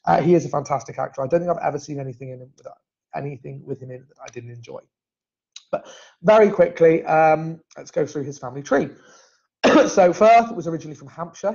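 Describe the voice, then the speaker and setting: A man's voice: a little high, vocal fry, darkish tone. A man presenting family history in a casual, chatty way, often restarting his sentences. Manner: chatty, self-correcting, frequent restarts. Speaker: genealogy presenter. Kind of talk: casual live-stream talk. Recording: dull lo-fi stream audio.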